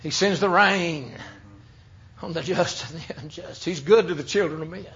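A man from the United States, preaching an emphatic sermon that swings between loud and hushed. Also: a little high, normal speed. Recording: dull lo-fi sermon recording.

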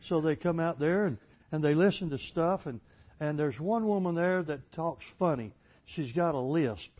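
A man preaching a folksy storytelling sermon, plainspoken and building to loud, emphatic passages. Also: fairly high pitch, lively intonation, normal speed. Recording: dull lo-fi recording.

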